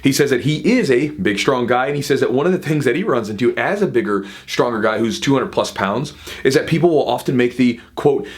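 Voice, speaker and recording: Fast-talking man giving casual coaching advice. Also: medium pitch, lively intonation. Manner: fast, chatty, frequent "right?" asides. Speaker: jiu-jitsu coach and channel host. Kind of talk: casual advice talk to camera.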